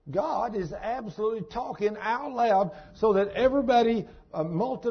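Folksy husky-voiced man preaching. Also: sits high, lo-fi sound. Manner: folksy, dramatic storytelling with sudden shouts. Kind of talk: sermon.

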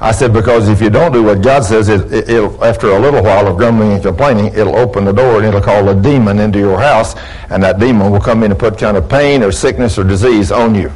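A man's voice: lowish voice, darkish tone, poor audio. A man preaching a sermon, folksy and conversational, acting out quotes from people in his church. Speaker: pastor.

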